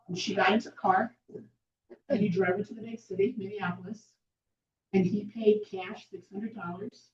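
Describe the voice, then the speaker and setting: A woman's voice: mid-range voice, steady tone, moderate pace, a little mellow. A woman giving a persuasive presentation at a meeting, emphatic and fond of rhetorical questions. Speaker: speaker at a political meeting. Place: meeting hall. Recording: echoey room from far off, dull lo-fi.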